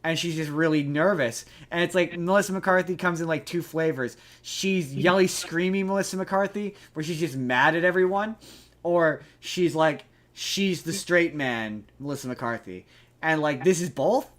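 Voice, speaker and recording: A male podcast host talks through a movie in loose, rambling chat, restarting sentences and swearing casually. His voice sits a bit high for a man. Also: normal speed. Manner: rambling, animated, swears freely, many restarts.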